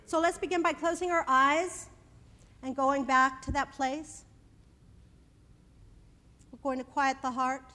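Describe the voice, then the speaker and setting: A woman minister giving a sermon, then leading a slow, soothing guided breathing meditation at a church service. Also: sits high, fairly even intonation, bright, forceful tone, in a large hall.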